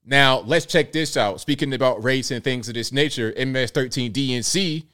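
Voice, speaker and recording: A man's voice: mid-range voice, moderate pace, pushed and bright. Emphatic Southern American man commentating. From United States. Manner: emphatic, repeats phrases, fires rhetorical questions at viewers. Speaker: political commentary host. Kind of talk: solo political commentary livestream.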